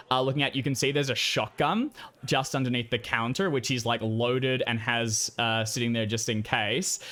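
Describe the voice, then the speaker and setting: A man's voice: mid-range voice, fairly bright tone. A man narrating a tabletop role-playing game as game master, in a loose, rambling way with many fillers.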